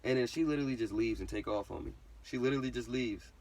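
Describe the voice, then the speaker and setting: A man's voice: medium pitch, fast talker, a little mellow, recorded from a distance. A young man casually telling a personal story, full of slang and swearing, who says literally constantly. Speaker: vlogger.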